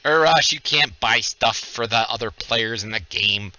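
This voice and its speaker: A man running a livestreamed tabletop game as game master, casual and joking as he gives quick instructions over voice chat. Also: mid-range voice, sharp tone, dry recording, highs cut off.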